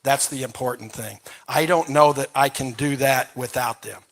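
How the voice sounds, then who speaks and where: Debate candidate, mid-pitched man, insistent and repetitive. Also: steady tone, normal speed, creaky, a bit bright. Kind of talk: campaign debate answer.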